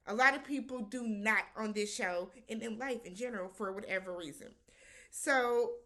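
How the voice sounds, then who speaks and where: A woman's voice: medium pitch, sharp tone. A woman hosting a casual reality-show recap, talking animatedly, slipping into quoted voices and slang.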